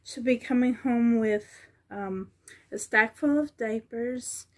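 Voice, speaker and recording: A woman at home on the floor, showing a doll she is selling, talking softly with many ums and a little out of breath. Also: on the high side, slow. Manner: soft, cooing over the doll, with many ums. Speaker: reborn doll seller. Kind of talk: casual show-and-tell vlog.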